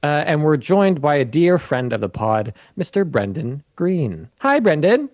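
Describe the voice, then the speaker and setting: A man's voice: on the high side, animated, a little slow, a little mellow, dry recording. Joking male podcast host, dry sound. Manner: loose, joking, full of fillers and restarts. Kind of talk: casual chat.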